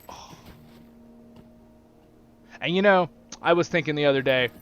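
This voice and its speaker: A man's voice: a little high, slow, long pauses, dull audio. A man hosting a gaming channel, chatting enthusiastically and rambling while he plays. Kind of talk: casual gameplay commentary.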